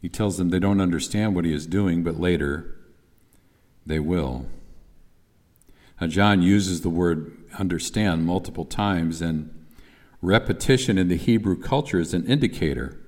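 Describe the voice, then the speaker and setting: A man's voice: deep voice, unhurried, long pauses, a little mellow, in a large hall. A man preaching a sermon in a conversational way, at times reciting lines with emphasis. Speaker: pastor.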